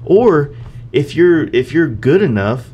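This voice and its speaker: A man's voice: a little high, sing-song, takes it slowly, husky, muffled recording. A man hosting a podcast in casual chat, laid-back and swearing now and then. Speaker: podcast host.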